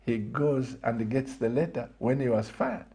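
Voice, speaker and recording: A man's voice: mid-range voice, unhurried, creaky. A man guesting on a TV interview show, telling a story with energy. His voice sits in an ordinary middle range. He acts out the lines of the people in his tale. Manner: animated anecdote teller, acts out quoted dialogue.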